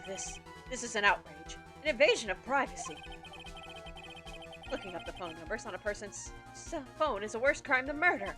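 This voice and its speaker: A woman's voice: a little high, animated, normal speed, natural voice. A woman voicing a snooty male witness in a video game, indignant and upstart, with game music behind.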